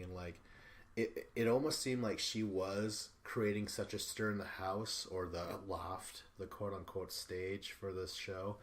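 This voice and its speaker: A male podcast host talking alone in a loose, rambling recap, swearing freely and stumbling through fillers and restarts. His voice sits fairly low. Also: fairly even intonation, measured pace. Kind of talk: casual solo recap.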